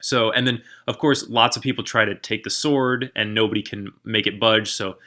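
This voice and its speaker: A man's voice: fairly low pitch, fairly even intonation, normal speed, pushed and bright. A man co-hosting a podcast, chatting casually and with enthusiasm, rambling and full of fillers. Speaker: podcast co-host.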